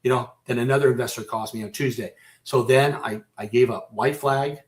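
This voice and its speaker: Man, radio guest, emotional, halting, stop-start speech, average pitch. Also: steady tone. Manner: halting, repeats and restarts phrases; emotional, close to breaking down. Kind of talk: personal storytelling in a radio interview.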